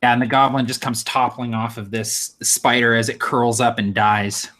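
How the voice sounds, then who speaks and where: A man's voice: mid-range voice, flat delivery, moderate pace, a bit bright. A man running a tabletop game as game master, describing the action and prompting players in an upbeat way.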